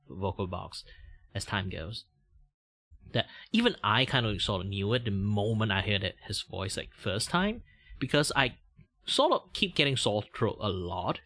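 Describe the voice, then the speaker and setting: Chatting casually on a livestream while he draws, a man with a Malaysian English accent rambles, using lots of filler words and some casual swearing. His voice is on the low side, pushed and bright.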